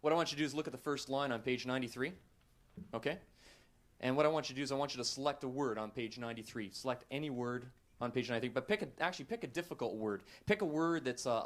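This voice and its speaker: A man performing a magic trick on a talk show, with brisk showman patter. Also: mid-range voice. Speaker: stage magician guest.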